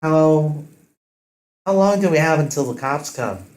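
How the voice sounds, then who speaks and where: A tough female crook on a heist crew, put on by a man narrating a story, she talks in a brisk, practical way. The voice sits a little higher than his own. The recording carries a roomy echo. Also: expressive, darkish tone. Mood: businesslike.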